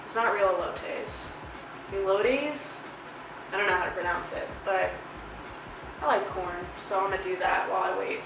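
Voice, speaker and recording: A woman's voice: lowish voice, level tone, a little fast, creaky. Young woman rambling and joking thru a review vlog, sounds far off in a super echoey room, music playing. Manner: chatty, rambling, playful. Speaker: host reviewing edibles.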